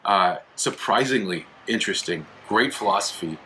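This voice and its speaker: A young man with a lowish but bright, forward voice talks casually to his viewers. He rambles, stops and restarts often, and fills the gaps with "uh" and "um". He gets animated when he retells a story. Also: normal speed, a little hiss or hum. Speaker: host of an apologetics video channel. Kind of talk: casual explainer monologue.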